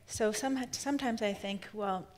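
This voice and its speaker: A woman's voice: mid-range voice, moderate pace. Thoughtful woman novelist talking onstage. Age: 30s. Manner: thoughtful, searching, many restarts. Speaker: novelist guest. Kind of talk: live onstage conversation.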